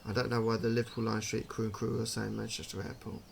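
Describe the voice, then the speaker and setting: A man's voice: fairly low pitch, level tone, fast talker, gravelly, slight background noise. A man giving casual, chatty commentary while playing a train game, thinking aloud and puzzling over details. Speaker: gaming channel host.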